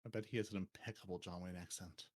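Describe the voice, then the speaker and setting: A man co-hosting a gaming podcast with deadpan joking asides in casual chat. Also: sits low, fast talker. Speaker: podcast co-host.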